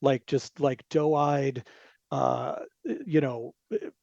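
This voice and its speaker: A man's voice: mid-range voice, steady tone, takes it slowly, gravelly, a little mellow, dry recording. A man talking as a podcast guest in a rambling, digressive casual chat, with frequent asides, on a dull lo-fi recording.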